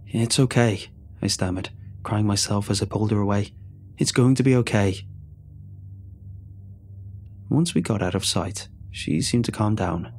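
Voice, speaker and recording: A man telling a scripted horror story in a measured, tense way. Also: lowish voice, darkish tone, a little hiss or hum.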